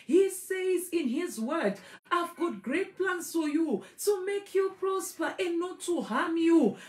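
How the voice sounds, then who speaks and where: A woman's voice: very high-pitched, expressive, takes it slowly, a little mellow. A woman preaching a sermon with fervour, repeating key phrases for emphasis. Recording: echoey room.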